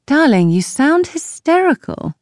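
A woman narrator voicing a scheming, theatrical queen who taunts and mocks in a bright, raised voice. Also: high voice, big pitch swings, measured pace, no room sound, clean studio sound, pitched above the performer's own voice. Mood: teasing. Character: scheming mocking royal queen, adult woman.

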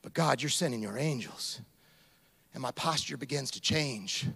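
A man preaching a sermon as a pastor, animated, acting out little scenes and asides as he goes. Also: medium pitch, moderate pace, vocal fry, breathy edge.

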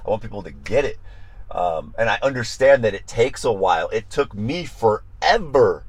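A pastor, a man who talks passionately and says he gets loud, repeating his phrases in a devotional livestream talk. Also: on the low side, sing-song, normal speed, husky, no echo.

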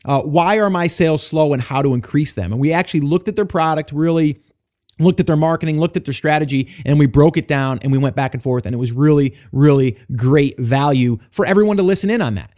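A man's voice: fairly high pitch, a little fast, a little mellow. A man hosting a podcast, talking in an enthusiastic, rambling way with lots of fillers. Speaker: podcast host. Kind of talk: casual podcast chat.

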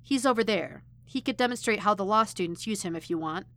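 A woman's voice: medium pitch, lively intonation, a little fast, fairly bright tone. A woman voicing a cheerful, awkwardly polite young male student helping with tech. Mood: eager. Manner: chirpy, eager, awkwardly polite.

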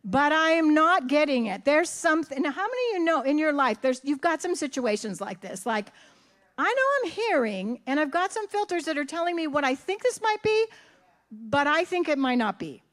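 An older woman giving a sermon, telling stories lively and acting out conversations in different voices. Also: high-pitched, fairly quick. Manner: animated, acts out conversations in voices. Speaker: church speaker. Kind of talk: sermon storytelling.

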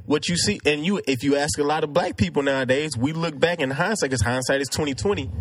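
A man's voice: a little high, fast. A man in a casual debate, talking earnestly and arguing his point with many restarts. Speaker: discussion participant.

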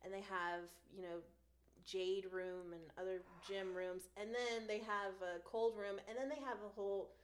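A young woman on a podcast telling stories in casual chat, giggling often and getting animated. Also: mid-range voice, normal speed, a little hiss or hum. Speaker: podcast guest.

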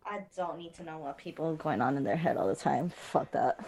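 A woman's voice: sits low, expressive, a little fast, a little mellow, slightly rough. A young woman chatting casually over quizzes, blunt and teasing, swearing freely. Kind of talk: casual chat doing online quizzes.

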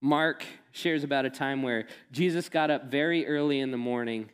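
A man's voice: mid-range voice, moderate pace, clean tone. A man giving a sermon, telling stories and mixing in casual humor. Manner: storytelling, animated and laughing when quoting friend. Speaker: pastor. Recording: long hall reverb.

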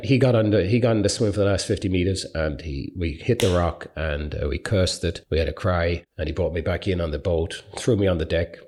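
A middle-aged Irish man and open water swimmer, speaking to students in a rambling, animated storytelling style. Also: low voice. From Ireland.

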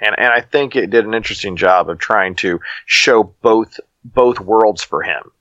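Man hosting a movie review panel, lowish voice, reflective and halting, on a dull lo-fi line. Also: bright, forceful tone, no room sound. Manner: reflective, halting, searches for words. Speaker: podcast host leading the panel. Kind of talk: casual movie review chat.

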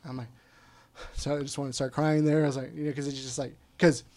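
A man's voice: a little high, little pitch movement, a little fast, mellow. Candid man telling his story, swearing. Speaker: guest. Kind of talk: casual storytelling.

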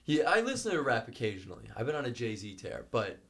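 A man's voice: medium pitch, sing-song, fast talker, fairly bright tone. A young man co-hosting a podcast in a studio, talking casually and animatedly, laughing often and swearing freely. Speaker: podcast co-host. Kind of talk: casual chat. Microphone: studio microphone.

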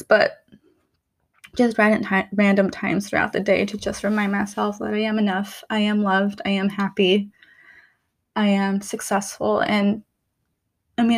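Young woman, candid vlogger, unhurried delivery, emotional and soft-spoken. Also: medium pitch. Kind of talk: reflective personal vlog.

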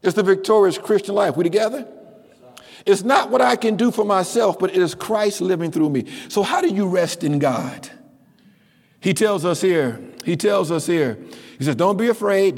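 A man preaching in a high, ringing voice with a long reverb around it. He is emphatic and rhythmic, dropping low and then rising to a shout as he repeats his key lines. It is a church sermon. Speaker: pastor. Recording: long reverb of a large hall.

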